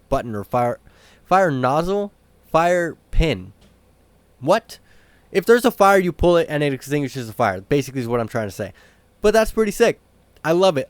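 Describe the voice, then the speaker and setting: An excitable young man talking through a racing game in a slangy, casual way, with a pitch that swings widely. His voice sits a little high for a man and sounds close and dry, with no room around it. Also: no echo. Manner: excitable, slangy, bursts of shouting at rivals. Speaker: gaming channel host. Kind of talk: casual gameplay commentary.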